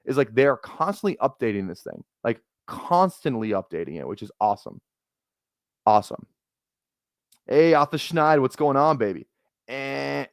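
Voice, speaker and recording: A man from Minnesota chatting casually on a live stream while drafting fantasy football, rambling into excitable, profane rants full of filler words. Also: on the low side, dry recording, studio quality. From Minnesota, USA.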